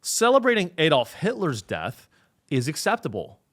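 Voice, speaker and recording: A young man hosting a comedy podcast, delivering a sarcastic monologue that swings between deadpan and exasperated. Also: fairly high pitch, moderate pace.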